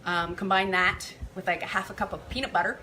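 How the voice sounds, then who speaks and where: A woman's voice: mid-range voice, steady tone, brisk, bright, forceful tone. A woman hosting a casual live cooking demo, chatty and full of fillers, talking to viewers as you guys. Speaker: cooking show host. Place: kitchen counter. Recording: clattering kitchen dish noise. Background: cutlery and pot clatter.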